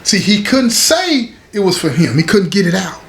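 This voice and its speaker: A man's voice: sits high, sing-song, normal speed, gravelly, a bit bright. A man telling a story casually and emphatically, repeating lines and speaking straight to his listeners. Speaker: storyteller host. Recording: roomy echo, faint background hiss.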